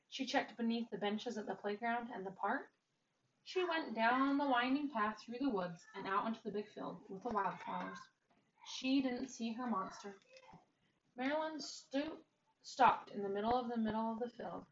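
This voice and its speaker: A woman reads a children's picture book aloud with a gentle, expressive delivery and a somewhat high voice. She sits back from the mic, and the recording is dull and lo-fi with a faint hiss. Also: distant mic. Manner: gentle, expressive, varies loudness. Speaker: storyteller.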